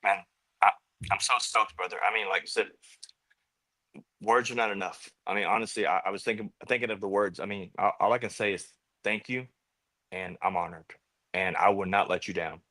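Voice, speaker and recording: A man speaking as a guest over a video call, earnest and halting, repeating words as he searches for what to say. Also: on the low side, steady tone, pushed and bright, dry recording. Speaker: guest, veteran. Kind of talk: casual conversation.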